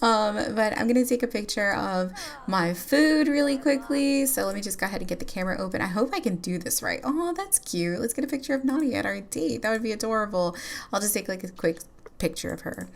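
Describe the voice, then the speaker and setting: A woman's voice: mid-range voice, animated, a little fast, creaky. Chatty woman narrating her game. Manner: chatty, giggly, lots of filler words. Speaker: gameplay YouTuber. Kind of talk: casual gameplay commentary.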